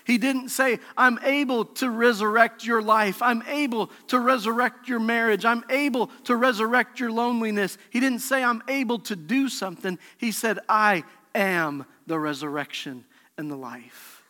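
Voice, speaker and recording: Pastor, male, high bright voice, passionate sermon delivery, long reverb of a large church hall. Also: moderate pace, hardly any pauses. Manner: impassioned preaching, swings from soft to shouting.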